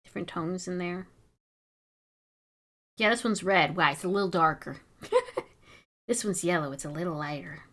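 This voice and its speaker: A woman's voice: fairly low pitch, moderate pace, long pauses, a bit bright. A woman streaming as an artist, chatting casually while she draws, giggly, chatty and self-mocking. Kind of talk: casual chat while drawing.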